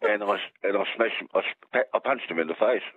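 Deep-voiced Australian man on a phone line. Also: a little fast, slightly rough. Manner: rambling, joking. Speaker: caller.

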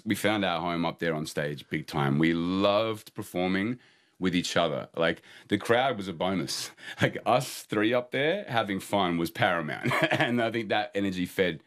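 An Australian musician from Adelaide talks casually in an interview. His low voice is animated, and he laughs often as he reflects. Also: normal speed. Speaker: musician guest.

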